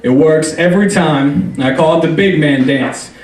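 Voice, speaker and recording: A man's voice: on the high side, normal speed, a little mellow. A young man doing a stand-up comedy set on a club stage, rambling and self-deprecating, with lots of fillers. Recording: roomy club, distant mic.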